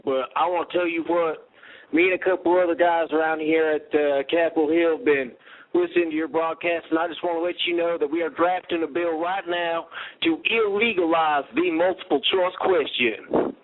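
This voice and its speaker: A man calling into a radio show, hesitant and stammering. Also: fairly high pitch. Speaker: caller. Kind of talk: prank call. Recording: tinny phone line.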